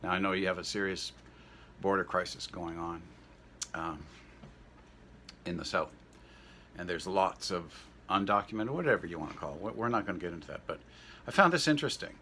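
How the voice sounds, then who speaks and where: A lower-pitched man with a Saskatchewan Canadian accent, talking to camera in a casual, rambling monologue. His voice is bright and forceful. He keeps tacking "eh" onto sentences and stumbles through fillers and restarts. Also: animated, a little fast, pauses often, a little hiss or hum. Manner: folksy, tacks "eh" onto sentences. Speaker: vlogger playing a comic persona.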